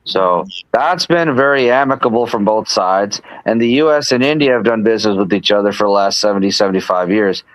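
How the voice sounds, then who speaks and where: A man's voice: on the low side, a little fast, hardly any pauses, no room sound, poor audio. A man hosting a casual political chat on a live stream, rambling with lots of restarts and asides. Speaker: host.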